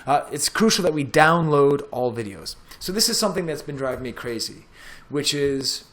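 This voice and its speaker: A middle-aged man, a professor, walking through a software tutorial in a casual, chatty way as he clicks through the steps. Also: a little high, expressive, moderate pace. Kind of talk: screen-recorded tech tutorial.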